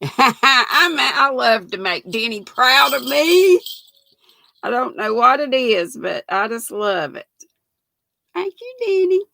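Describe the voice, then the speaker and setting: A woman's voice: high-pitched, big pitch swings, slow pace, creaky, bright, forceful tone, dry recording, rough recording. An older woman, hosting a knitting livestream, chatting folksily and greeting viewers by name. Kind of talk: casual live chat reading comments.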